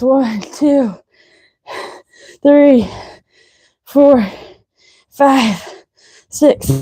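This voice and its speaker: A woman's voice: sits high, warm tone. A woman fitness instructor coaching a live leg workout, out of breath, counting reps aloud and giving short cues.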